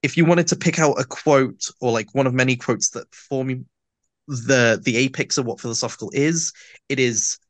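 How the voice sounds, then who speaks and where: A man's voice: mid-range voice, moderate pace, no echo. A man with a lisp, a guest on an interview, giving long and detailed explanations in a casual chat. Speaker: audio drama actor, guest.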